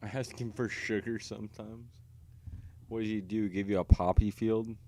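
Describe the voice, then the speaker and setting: A man's voice: on the low side, fairly even intonation, moderate pace, darkish tone, a little hiss or hum. A man hosting a casual livestream video chat with strangers, rambling and profane in a provocative way. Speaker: livestream host.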